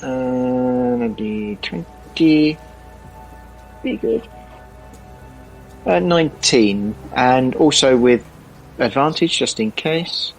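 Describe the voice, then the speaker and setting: Man player, mid-pitched, hesitant and polite with fillers. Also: animated, extremely slow, creaky, pauses often, soft background music, poor audio. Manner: hesitant, lots of "uh". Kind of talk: casual tabletop play.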